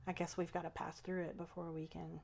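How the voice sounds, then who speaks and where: Female podcast host, lower voice, relaxed rambling chat. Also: a little fast, creaky, slight background noise. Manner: relaxed, chatty, trailing off mid-thought. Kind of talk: casual spiritual chat.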